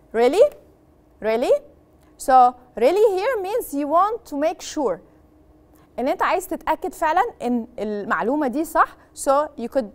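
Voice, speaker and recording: An Egyptian woman teaching a bilingual English lesson, explaining in English and repeating each phrase in Egyptian Arabic, acting out the sample phrases with expressive emphasis. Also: sits high.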